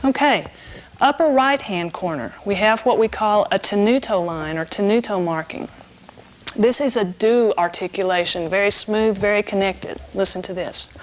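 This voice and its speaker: A middle-aged woman giving a saxophone lesson, explaining clearly and patiently in an instructional tone. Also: medium pitch, normal speed. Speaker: saxophone teacher.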